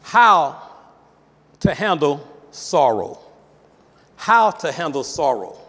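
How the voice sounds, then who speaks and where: A male pastor preaching a sermon with emphatic call-outs, his voice sometimes rising to a shout. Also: on the high side, very animated, slow pace, gravelly, long reverb tail.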